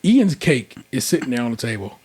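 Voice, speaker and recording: A man's voice: medium pitch, sing-song, fairly quick, darkish tone, husky. Casual rambling man hosting a podcast. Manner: rambling, conversational, lots of fillers. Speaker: podcast host. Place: indoor room, recorded in person.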